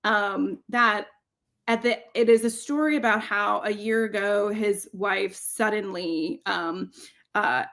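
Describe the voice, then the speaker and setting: A woman's voice: medium pitch, takes it slowly, fairly bright tone. A woman co-hosting a casual marketing podcast, rambling and restarting her sentences while minding her child. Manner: rambling, self-interrupting, laughs often. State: juggling childcare while talking. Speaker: podcast co-host.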